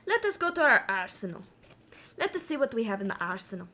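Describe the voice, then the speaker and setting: A woman's voice: mid-range voice, sing-song, takes it slowly, background noise. A woman putting on a pompous, theatrical entertainer with an invented accent, speaking in a grand, declamatory way. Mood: grandiose.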